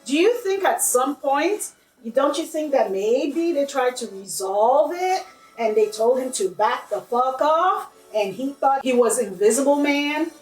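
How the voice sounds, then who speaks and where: Woman, high voice, blunt and fiery monologue, off-mic in an echoey room. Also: animated, a little slow, far from the mic, soft background music. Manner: blunt, heated and profane, mocking others in quoted voices. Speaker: vlogger. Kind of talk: impassioned monologue to camera.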